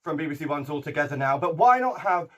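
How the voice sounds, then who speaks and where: A man's voice: on the high side, expressive, fast. A man hosting a live contest show, camp and theatrical as he links segments. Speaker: host.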